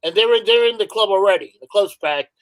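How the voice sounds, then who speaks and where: Poor audio carries a high-sitting, fairly bright male voice that moves quickly. He's a middle-aged hardcore musician from New York, appearing as a guest and swearing his way through loose, meandering stories in casual chat.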